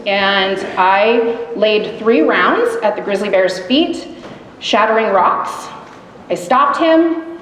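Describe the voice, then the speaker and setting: A middle-aged woman telling a live story on stage, lively and animated, acting out the quotes. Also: a little high, a little hiss or hum. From grew up in grizzly bear country. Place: live event hall. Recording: echoey hall recording, faint ambience.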